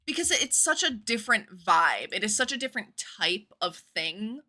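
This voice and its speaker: A woman's voice: medium pitch, very animated, moderate pace, sharp tone. A woman in her twenties, a livestreamer chatting casually and rambling while she plays a game, with the odd casual swear.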